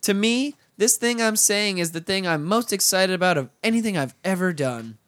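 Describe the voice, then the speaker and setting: A man's voice: high-pitched, animated, moderate pace, a bit bright, no echo. A man with a slightly raised voice cracks jokes and curses freely as he co-hosts a loose podcast chat. He laughs a lot and keeps the talk rolling. The sound is dry and close to the mic. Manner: joking, profane, laughs often. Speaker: podcast co-host. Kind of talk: casual banter.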